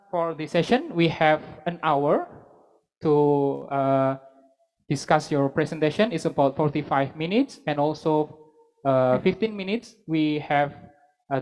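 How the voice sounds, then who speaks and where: A seminar moderator speaks at a middle pitch in a hesitant, halting way. They give a formal introduction of the guest, pausing on fillers and correcting their own words. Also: low-quality recording. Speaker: session chair and moderator.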